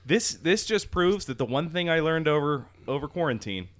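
A man's voice: fairly high pitch, lively intonation, moderate pace, a bit bright. A man co-hosting a podcast, cracking wry, dry jokes and laughing along in casual chat. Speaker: podcast co-host.

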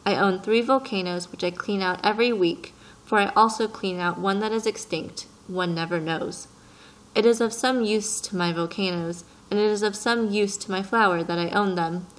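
A woman's voice: medium pitch, moderate pace, natural voice, poor audio. The little prince, read by a woman. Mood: curious. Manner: earnest, questioning. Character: curious, persistent young boy prince. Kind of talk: audiobook reading.

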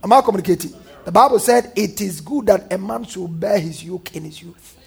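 A male pastor delivers a lively sermon. His voice sits high and sounds husky. He often turns to the congregation with call-and-response and mimics what scoffers say. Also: brisk.

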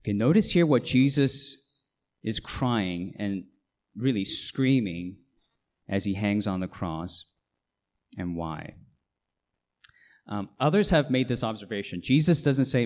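A middle-aged male pastor delivering a sermon in a somewhat low voice. He preaches emphatically, often tossing in rhetorical questions to the congregation. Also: expressive, slow pace, long pauses, darkish tone.

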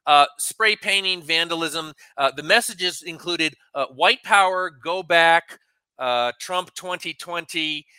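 Halting man co-hosting talk radio. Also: a little high, bright, forceful tone, smooth, no room sound, rough recording. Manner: halting, stammering restarts. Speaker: radio co-host. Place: radio studio.

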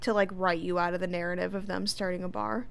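Young woman podcaster recapping an episode, animated and giggly, casual chat. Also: lowish voice, fast, gravelly, smooth. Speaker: podcast co-host.

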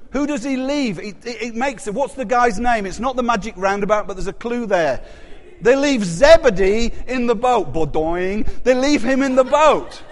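A man preaching a sermon in a conversational way, often putting questions to his congregation. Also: sits high. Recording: long hall reverb.

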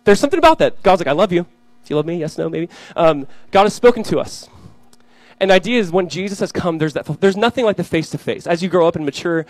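A young man delivers a sermon at a quick clip, his voice sitting a bit high. He slips into animated storytelling, acting out the voices in his anecdotes. The recording is close and dry, with almost no room sound. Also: no echo, low-quality recording. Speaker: pastor.

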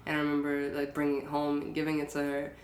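Low-pitched woman host, casual and storytelling, recorded in an echoey room. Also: fast talker, crowd noise. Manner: relaxed, storytelling, laughs easily. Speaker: podcast host. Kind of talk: casual conversation. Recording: roomy echo, faint noise.

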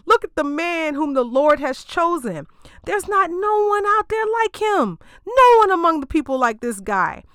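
A woman's voice: very high voice, sing-song, a little slow, a bit bright, no echo, studio quality, pitched above the performer's own voice, full character voice. A woman voicing Samuel, an earnest, worried male prophet who talks in casual slang, in a retold Bible story. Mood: proclaiming. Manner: slangy, fretting.

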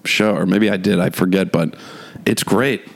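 Man, young adult, deep voice, rambling casual podcast chat, laughs a lot. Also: fairly even intonation, moderate pace, vocal fry. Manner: rambling, laughs often, restarts. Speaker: podcast co-host.

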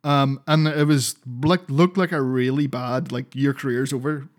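A man co-hosts a podcast, talking casually about wrestling, rambling, swearing a lot, and laughing often. His mid-range voice is steady and moves at a moderate pace.

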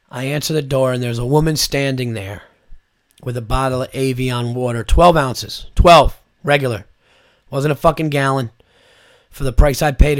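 A man hosting his own podcast, ranting in a loose comedic monologue with speech, lots of swearing and acted-out quotes. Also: medium pitch. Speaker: podcast host.

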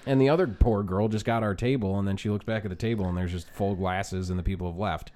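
A man's voice: on the low side, fairly even intonation, quick pace, a little mellow. Profane laughing storyteller man. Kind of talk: casual storytelling chat. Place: bar room.

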